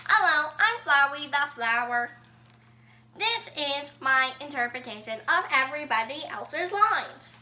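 Casting: chirpy talking flower, sweet and sing-song, very high and bright, voiced by a girl. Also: expressive, unhurried, exaggerated voice. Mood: cheery.

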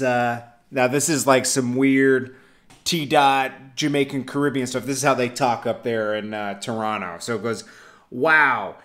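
A man hosting a hip-hop news channel, talking loosely with frequent "uh"s and chuckles. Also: medium pitch. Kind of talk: casual reaction commentary.

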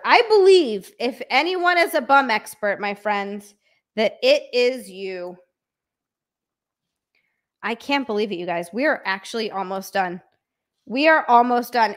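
A young adult woman chatting on a live stream from a room at home, excitable and chatty, thanking viewers by name and bursting into squeals. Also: a little high, moderate pace. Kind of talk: casual live-stream chat.

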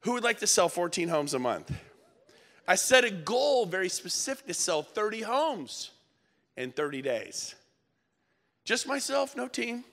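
A middle-aged man giving an energetic motivational speech to a live audience at an event, firing questions at the crowd in short punchy bursts. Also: sits high, unhurried, vocal fry. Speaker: motivational speaker. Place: event hall.

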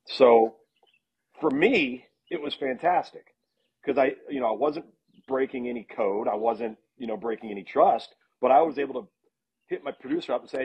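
Guest analyst, middle-aged man, husky and expressive, laughing storyteller, muffled podcast audio. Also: medium pitch, moderate pace. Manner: animated anecdotes with laughs and restarts. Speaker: guest, football analyst and sideline reporter. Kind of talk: casual storytelling in a podcast interview. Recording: dull lo-fi sound.

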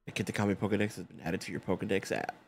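A man's voice: low voice, steady tone, very fast, gravelly, a little hiss or hum. A young man streaming a game live from his home setup on a studio condenser mic. He jokes around and throws in slang like bro and bruh. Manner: brash, joking slang, says bro and bruh. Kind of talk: casual live gameplay commentary. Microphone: studio condenser mic on an arm.

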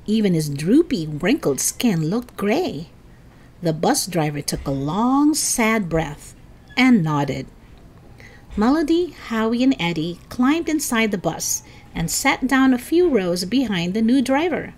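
A woman reading a children's book aloud as storyteller, with expressive narration. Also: medium pitch, slow pace.

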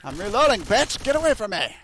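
A young man giving profane, excitable gameplay commentary, cursing at his teammates with loud outbursts. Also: high-pitched, fast, a little hiss or hum. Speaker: gaming video creator.

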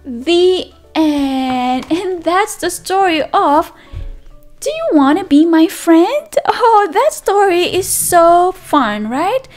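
A young woman reads a picture book to toddlers in a very high, sing-song voice that swoops up and down. She takes her time, gasping and asking the child questions. Faint music plays under her. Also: very animated, slow pace. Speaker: children's teacher reading aloud. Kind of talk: read-aloud lesson for toddlers.

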